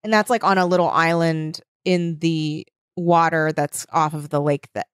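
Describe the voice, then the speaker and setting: A woman chats loosely about books and TV, peppering her talk with "like" and playing out little quotes. Her voice is on the low side, and it is recorded close and dry. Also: steady tone, moderate pace, clean tone, no echo. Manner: chatty, uses many "like" fillers, acts out quotes. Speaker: podcast co-host. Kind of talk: casual book chat.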